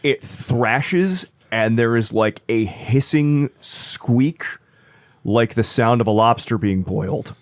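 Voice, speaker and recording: A man acting as storyteller, narrating a tabletop horror game in slow, deliberate scene-setting. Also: medium pitch, animated, no room sound, studio quality.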